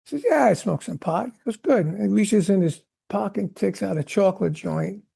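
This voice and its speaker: An older man, a veteran drummer, telling animated stories in a podcast interview and acting out the voices of the people he quotes. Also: high voice, fairly quick, creaky, breathy edge. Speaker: guest drummer.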